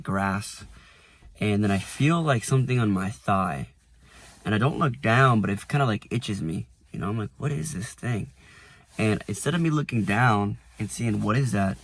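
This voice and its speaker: A young man talks straight to camera from the driver's seat in a lowish voice. He rambles in loose, filler-heavy sentences and drops soft and quiet when the memories get heavy. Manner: rambling, lots of "like" and restarts, softens when emotional. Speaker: vlogger. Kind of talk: casual reflective vlog. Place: inside a parked car.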